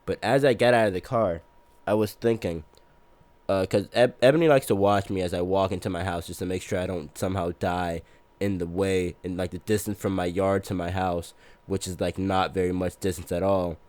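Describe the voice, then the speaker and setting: Male podcast guest, lower register, loose rambling storyteller who laughs at himself. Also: fairly even intonation, brisk, a little mellow, no echo. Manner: rambling, self-mocking, laughs through his words. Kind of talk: casual storytelling chat.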